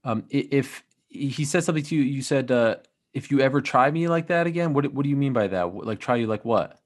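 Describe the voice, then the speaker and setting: A male host asking his guest plain, direct questions. His voice sits at an ordinary middle pitch. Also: fairly quick. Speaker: show host. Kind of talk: interview questions.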